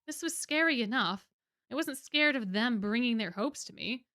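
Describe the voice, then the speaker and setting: A woman's voice: fairly high pitch, expressive, normal speed, pushed and bright, dry recording. Woman voicing a bitter young lion prince. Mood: bitter, brooding. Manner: bitter, weary inner monologue. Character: brooding defeated young lion beastman prince.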